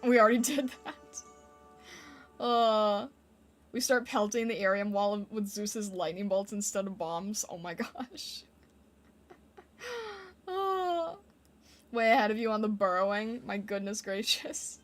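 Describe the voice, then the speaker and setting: A woman's voice: mid-range voice, animated, takes it slowly, long pauses. A woman streamer chatting casually with her viewers, playful and giggly as she reacts to their messages. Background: faint background music.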